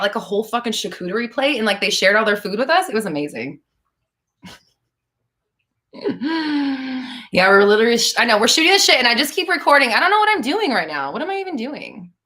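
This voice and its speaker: Bright, swingy-voiced woman in her 30s, rambling and swearing on a live chat stream. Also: on the high side. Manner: profane, rambling, laughing storyteller. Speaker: podcast host answering live chat.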